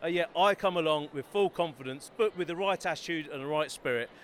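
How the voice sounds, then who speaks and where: A man's voice: a little high, fast talker, fairly bright tone. A man from Bedford, an author, talking chattily and eagerly about his books in an interview at a busy fair. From Bedford, England. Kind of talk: enthusiastic self-promoting interview. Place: busy trade fair hall.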